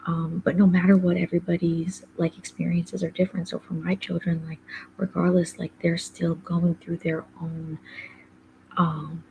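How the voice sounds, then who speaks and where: Gravelly-voiced woman with whispery asides. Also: fairly low pitch, dark tone, a little hiss or hum, low-quality recording. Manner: rambling, heavy use of fillers like "like" and "um"; often drops into a whispery, breathy undertone. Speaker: podcast host. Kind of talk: casual personal monologue.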